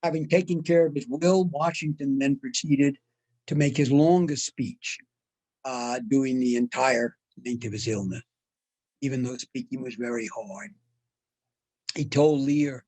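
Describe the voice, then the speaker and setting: An older man giving a measured, deliberate history lecture, with frequent "uh" fillers. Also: medium pitch, steady tone, darkish tone, dry recording, poor audio. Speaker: guest lecturer. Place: online talk.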